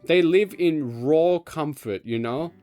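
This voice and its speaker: A man chats through a home game stream in a slow, unhurried way, his voice sitting a little high. He rambles, teases himself and coos at his cat between remarks. Soft music plays faintly behind him. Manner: rambling and self-mocking. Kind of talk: casual game stream chat. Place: home room.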